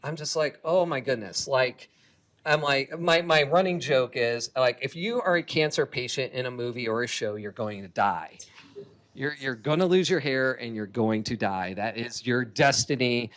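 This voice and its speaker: A man's voice: medium pitch, moderate pace. Chatty man giving a keynote talk. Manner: lively and chatty, laughs often. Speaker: keynote speaker and comic artist. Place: conference hall stage.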